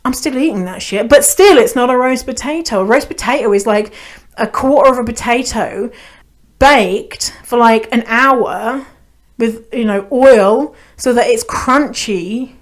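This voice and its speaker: A woman's voice: on the high side, a little slow. A young adult woman from Canada hosting a solo podcast, chatty and blunt, swearing freely and laughing as she talks. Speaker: podcast host. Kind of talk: casual solo podcast chat.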